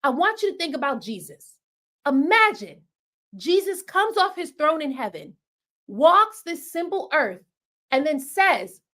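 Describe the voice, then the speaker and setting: Emphatic high-voiced woman business coach. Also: big pitch swings, measured pace, bright, forceful tone. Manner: emphatic, preacher-like, repeats phrases for punch. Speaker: business coach hosting a live session. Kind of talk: motivational live-stream talk.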